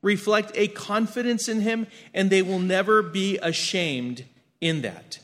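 A man preaching a sermon and reading scripture aloud, earnest, swinging between emphatic lines and hushed ones, often repeating his words. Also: high-pitched, unhurried. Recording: long hall reverb.

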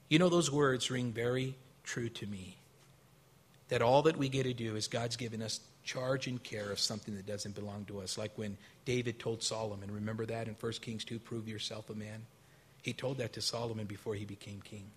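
A male pastor preaching a sermon, telling stories with acted-out quotes, rising to loud, high bursts and dropping to quiet, low stretches. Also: fairly even intonation, fairly quick, a little hiss or hum. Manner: storytelling with acted quotes and a casual, folksy delivery.

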